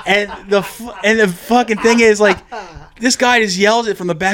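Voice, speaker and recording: A man's voice: high-pitched, fairly even intonation, moderate pace, a bit bright. A man co-hosting a casual comedy podcast, telling rambling, profane stories and acting out the people in them. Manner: profane, rambling storyteller who acts out the people in his stories. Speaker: podcast co-host.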